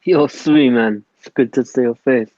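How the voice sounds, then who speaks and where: A man's voice: mid-range voice, measured pace, a little mellow, no echo. Laid-back man on a dull lo-fi call. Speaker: participant in a group video call. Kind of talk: casual brief chat. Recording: dull, dry lo-fi call audio.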